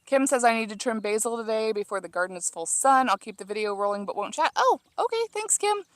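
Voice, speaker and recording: A woman in her thirties from Illinois chats with viewers as she trims her garden herbs, rambling along with plenty of ums and restarts. Her voice sits at a medium pitch. The sound is dry and close, with no room echo. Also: fast. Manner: chatty, reading out viewer comments, many fillers and restarts. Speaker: livestream gardening host. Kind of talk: casual livestream chat while gardening. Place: outdoor home garden.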